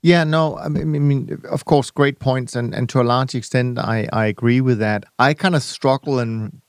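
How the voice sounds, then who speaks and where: A man hosts an interview podcast in a calm, reflective way, often qualifying what he says. His voice sits at a middle pitch and sounds dry, with no room around it. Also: normal speed, no echo. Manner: reflective, hedging, searching for words. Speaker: podcast host. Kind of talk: conversational interview.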